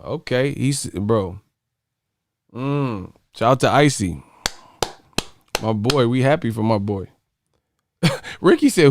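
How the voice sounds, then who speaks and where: A man's voice: medium pitch, animated, slow, long pauses, darkish tone, no room sound, studio quality. A man hosting a casual livestream chat, joking with viewers and breaking into sung snippets and movie impressions. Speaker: livestream host.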